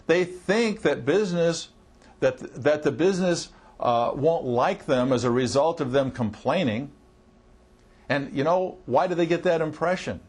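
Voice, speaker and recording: A middle-aged man coaching auto service writers in a conversational training talk, acting out what customers and staff say. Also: on the high side. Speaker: marketing coach.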